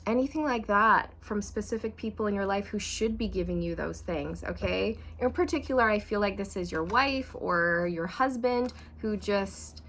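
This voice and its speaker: Expressive woman giving a tarot reading. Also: normal speed, hardly any pauses. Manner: chatty, expressive, acts out quoted lines with big swings in pitch and volume. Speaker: tarot reader. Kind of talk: channeled tarot reading to viewers.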